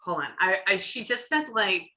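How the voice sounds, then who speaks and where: A woman's voice: medium pitch, lively intonation, moderate pace, bright, forceful tone. A woman working as a psychic medium, chatting through a reading and acting out what she hears, on camera. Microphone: camera or video call.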